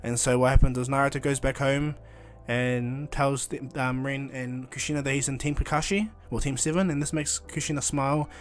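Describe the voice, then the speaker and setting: A man's voice: mid-range voice, steady tone, fairly quick, soft background music. Man rambling through a fan story. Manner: rambling with fillers and restarts. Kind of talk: casual retelling of a fan story.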